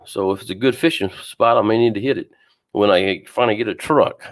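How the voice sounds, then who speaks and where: A man's voice: lowish voice, fairly quick. A man hosting a live fishing show, chatting casually, greeting viewers by name and laughing often, with an occasional wheeze. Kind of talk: casual live-stream chat. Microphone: streaming setup, talking to camera.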